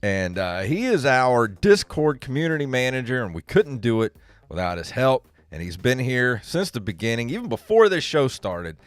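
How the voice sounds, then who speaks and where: Animated, laughing male podcast host. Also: medium pitch, moderate pace, clean tone, no echo. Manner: laughs often, animated and joking. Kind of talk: casual podcast chat.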